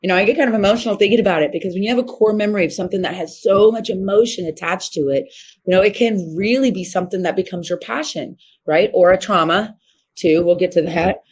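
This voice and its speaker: A woman's voice: fast, husky. A woman in her fifties from Missouri, a horse trainer telling her story as a guest in an interview, acting out the voices of people she quotes. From Missouri, USA. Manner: animated, acts out quoted voices with sharp pitch jumps.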